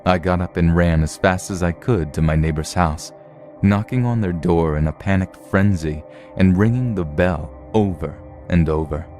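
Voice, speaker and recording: A man narrating true horror stories in a steady, measured storytelling read. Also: low-pitched, faint music behind.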